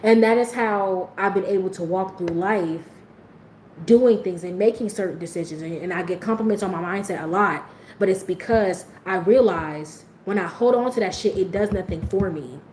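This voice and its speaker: A woman's voice: medium pitch, normal speed, darkish tone, echoey room, a little hiss or hum, low-quality recording. A woman hosting a livestream, speaking frankly and with plenty of swearing as she talks straight to her viewers in a candid, motivational way. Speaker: livestream host.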